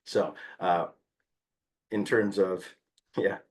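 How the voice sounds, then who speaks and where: A man giving a conference talk as a behavior analyst, telling fieldwork stories in an animated way with frequent "uh" fillers. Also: deep voice, drawn-out words.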